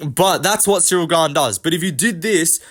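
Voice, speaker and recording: A young man hosting a fight commentary video, ranting fast and brashly with plenty of swearing and slang. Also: on the high side, expressive, a bit bright. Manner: profane, rapid, brash slang-heavy ranting. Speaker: host. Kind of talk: MMA commentary rant.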